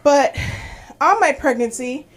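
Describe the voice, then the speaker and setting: Fortyish woman comic with a higher voice. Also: lively intonation, takes it slowly. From New York. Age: 40s. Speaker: stand-up comedian. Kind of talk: stand-up set at an open mic. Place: small comedy club stage.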